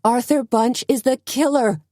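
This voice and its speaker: A woman voicing a fierce female café owner on horseback, shouting in fury in an audiobook. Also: on the low side, unhurried, slightly rough, no room sound, clean studio sound. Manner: shouting, furious. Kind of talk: audiobook character voice.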